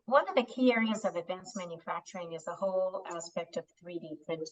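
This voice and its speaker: A woman on an industry panel, explaining in a measured way. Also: lowish voice. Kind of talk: explaining technology. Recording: dull distant mic.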